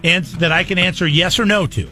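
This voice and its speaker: A man hosting a radio morning show, running a call-in game in casual banter with frequent halting restarts. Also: high-pitched, pushed and bright. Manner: halting, restarts often, playful. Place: radio studio.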